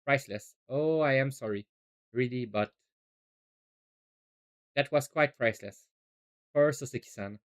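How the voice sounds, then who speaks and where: A man's voice: medium pitch, a little slow, pauses often. A man hosting a gaming channel, reading game dialogue aloud in a playful, amused way.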